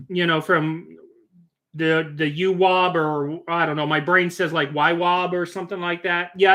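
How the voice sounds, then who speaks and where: A middle-aged man talks casually to his live-stream viewers, rambling and joking as he goes. His voice sits high and sounds bright and forward. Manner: rambling and joking, with frequent restarts.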